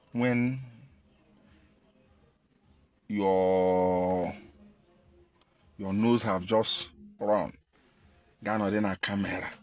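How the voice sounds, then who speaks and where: A man with a Nigerian Igbo accent delivering an impassioned political monologue, repeating his points and jumping in pitch for emphasis. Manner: emphatic, repetitive, pitch leaps when stressing. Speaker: activist commentator.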